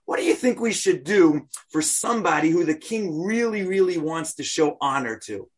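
An eager, grandly generous ancient king, put on by a man telling the story, tosses out offers in breezy slang. The voice sits high and breathy. It jumps around a lot. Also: animated, moderate pace.

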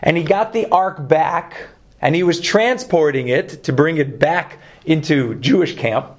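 A man with a Brooklyn accent teaching a Torah class, lively, joking and putting questions to his students. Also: on the high side, unhurried.

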